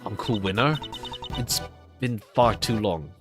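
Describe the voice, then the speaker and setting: Man reading a brisk, formal young woman investigator. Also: lowish voice, expressive. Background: background music.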